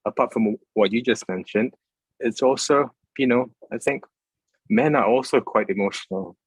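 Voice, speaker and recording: A man's voice: medium pitch, moderate pace, husky, no room sound, rough recording. A young man moderating a casual panel discussion over a video call, hesitant with many fillers and restarts.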